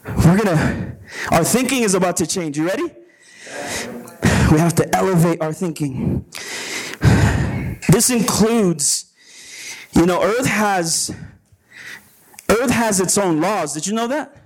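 A man's voice: sits high, lively intonation, slow pace, pauses often, poor audio. A man preaching as a pastor at a retreat, often repeating words and asking the crowd to agree with him. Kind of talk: sermon. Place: retreat gathering before a live audience.

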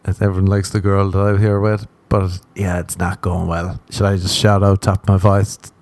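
A man's voice: sits low, little pitch movement, normal speed, darkish tone. A man with an Irish accent, a podcast host, telling a comic story in a casual way. He acts out the dialogue with lots of laughter. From Ireland.

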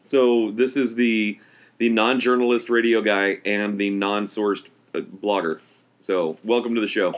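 A man with a fairly low voice co-hosting a casual podcast. He hedges and restarts, fills gaps with "uh" and "like", and laughs easily at his partner. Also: steady tone, unhurried. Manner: hesitant, laughs often, many fillers. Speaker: blogger and podcast co-host.

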